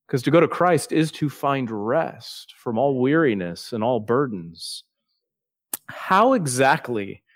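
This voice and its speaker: A man preaching a sermon, earnest and plainspoken, slowing down and softening his voice for quoted prayers. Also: mid-range voice, no echo, clean studio sound. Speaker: pastor.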